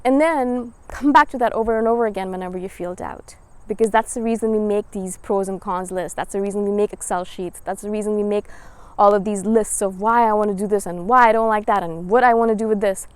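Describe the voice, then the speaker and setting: A woman's voice: mid-range voice, fairly quick, clear, resonant tone. A woman in her thirties talking to camera in a casual, encouraging vlog monologue. She repeats her points over and over and urges listeners to return to their reasons. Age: 30s. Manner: earnest, repetitive, encouraging, acts out quoted voices. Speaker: spiritual vlogger.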